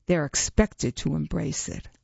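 A woman voicing a cold, amused dragon woman who teaches a class with dry, unhurried mockery. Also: fairly even intonation, vocal fry, darkish tone, breathy edge, no echo, heavily acted. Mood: lecturing. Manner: dry, mocking, unhurried lecturing. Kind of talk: audiobook reading. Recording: dull, low-fi recording.

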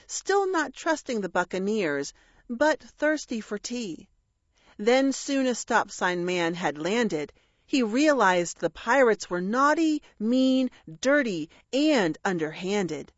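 A woman reading a rhyming children's story aloud with a measured, expressive delivery. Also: mid-range voice, no room sound, dull audio. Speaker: narrator.

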